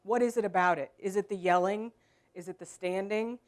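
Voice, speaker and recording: A woman leading an improv workshop, explaining to a group in a relaxed way, with frequent ums. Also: medium pitch, brisk. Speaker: workshop leader. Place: room with a group.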